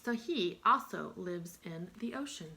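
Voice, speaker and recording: Woman, young-adult teacher of early learners; bright tone, sing-song delivery with drawn-out sounds. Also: fairly low pitch, animated. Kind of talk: early-years lesson.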